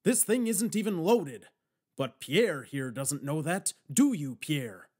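A man's voice: on the high side, lively intonation, slow pace. A man playing a growling ninety-year-old man. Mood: gruff. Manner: growling, shouting.

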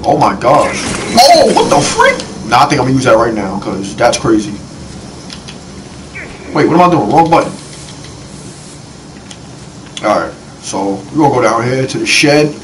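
Excitable young man with a lively voice. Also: mid-range voice, far from the mic, poor audio. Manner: excitable, slangy, quick exclamations at the game. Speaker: gaming channel host. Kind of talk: casual let's-play commentary. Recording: voice a bit off-mic with faint noise.

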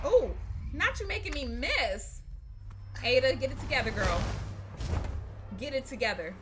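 A woman giving casual, profane let's-play commentary, loud and excitable as she yells at the game. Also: high voice, unhurried, long pauses. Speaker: gaming channel host. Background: game music.

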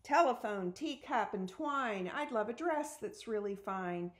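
A woman's voice: mid-range voice, lively intonation, unhurried, close to an everyday voice. A woman reading a storybook aloud, voicing a bold young girl who acts like a princess and gives theatrical commands. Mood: chanting rhymes.

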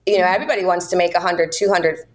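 A woman voice-over actress from the Caribbean, talking casually as an interview guest with a lively, animated manner. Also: on the low side, racing. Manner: lively, animated, acts out quotes in put-on voices. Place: Miami.

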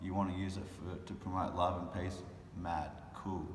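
In a low voice at a moderate pace, with fairly even intonation, a tired and frustrated vlogger who speaks on animal rights talks casually to camera in impassioned, heated bursts. Long reverb, roomy echo and faint noise fill the recording.

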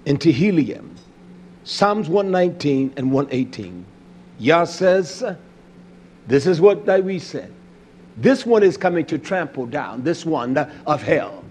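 A man preaching a sermon, fiery, dropping to low mutters and rising to shouted lines. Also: slightly rough.

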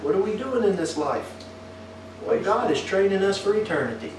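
A man delivers a folksy sermon in a high-pitched, expressive voice at a moderate pace, peppering his congregation with tag questions. Picked up from afar in an echoey room, the audio has a little hiss or hum.

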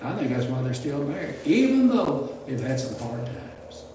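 A man's voice: medium pitch, sing-song, normal speed, noisy background. An older man, teaching preachers in a folksy, rambling sermon style with restarts and chuckles. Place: church classroom. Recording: roomy, distant mic with faint ambience.

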